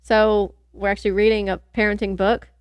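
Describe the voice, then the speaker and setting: A woman's voice: mid-range voice, level tone, a little fast, smooth, dry recording. A young woman co-hosting a podcast, chatting casually and rambling, laughing often. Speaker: podcast co-host. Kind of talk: casual chat.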